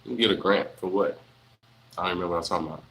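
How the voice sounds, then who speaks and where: Deep-voiced man chatting, bright tone. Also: very fast, vocal fry, rough recording. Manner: relaxed, rambling, many fillers and restarts. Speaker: livestream host answering viewer questions. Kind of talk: casual live Q&A chat.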